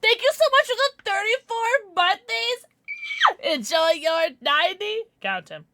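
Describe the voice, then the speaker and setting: A woman livestreamer chatting casually and thanking subscribers, excitable, giggly and often apologetic. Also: very high-pitched, a little slow, raised voice.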